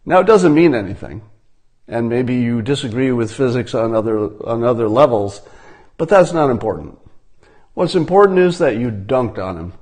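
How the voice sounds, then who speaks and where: A man giving a deadpan satirical monologue, mock-instructional and ironic in tone. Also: medium pitch, moderate pace. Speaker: commentator.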